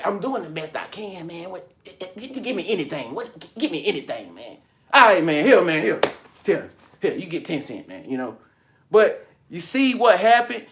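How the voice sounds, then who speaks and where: A man hosting a motivational video, talking in an animated, colloquial, preachy way and laughing often. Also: on the high side. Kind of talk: casual motivational talk.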